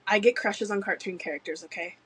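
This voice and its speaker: A woman with a slightly husky voice co-hosts a relaxed podcast. She chats casually, laughs often and swears freely. She acts out characters' lines as she talks. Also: mid-range voice, quick pace. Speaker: podcast co-host. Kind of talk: casual chat.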